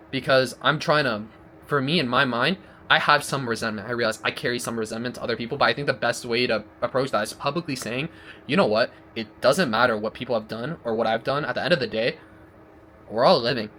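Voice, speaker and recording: A man's voice: mid-range voice, sharp tone, a little hiss or hum. A man delivering a blunt, profane motivational monologue, rambling and restarting as he goes. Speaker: vlogger.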